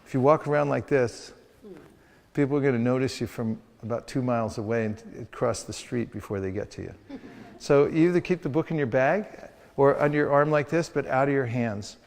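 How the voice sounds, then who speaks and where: A sales trainer with a mid-range, slightly mellow voice speaks a little fast as he leads a group through hands-on training. He playfully acts out street encounters as demonstrations, and the recording has a hall's long reverb.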